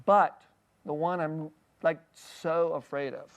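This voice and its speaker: Candid pastor preaching, halting delivery. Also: male voice, fairly high pitch, steady tone. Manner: candid and personal, often checks in with a quick "okay?"; halting, restarting phrases mid-thought. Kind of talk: conversational sermon.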